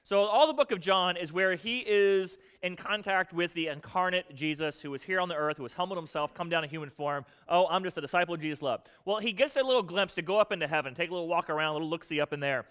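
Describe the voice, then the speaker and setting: A male pastor preaches in a bright, forceful voice pitched a little high. He talks to the congregation casually, tossing in slang and rhetorical questions, then sinks into a low hush to drive home a solemn point. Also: quick pace, few pauses, clean tone, long reverb tail. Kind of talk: sermon.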